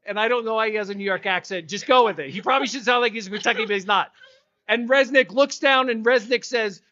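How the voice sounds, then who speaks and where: High, bright-voiced joking man. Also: fast talker, highs cut off. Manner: playful, joking storyteller. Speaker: author and guest. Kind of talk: casual chat.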